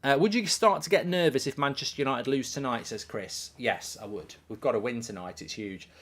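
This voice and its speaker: A middle-aged man runs a live football watchalong, talking casually, reading viewer comments aloud, and breaking into loud bursts of excitement. His voice sits in the mid range and he talks fairly quickly.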